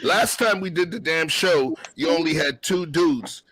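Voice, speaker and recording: A man in casual chat, bantering loudly with jokes and profanity. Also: a little high, a little slow. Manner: loud, joking, profane banter. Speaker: co-host.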